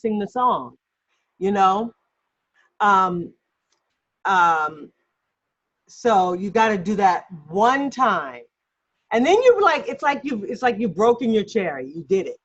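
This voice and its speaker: A woman's voice: medium pitch, a bit bright, breathy edge. A woman acting coach giving a chatty, self-deprecating mini lesson on a video call, laughing often. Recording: dull lo-fi video call audio.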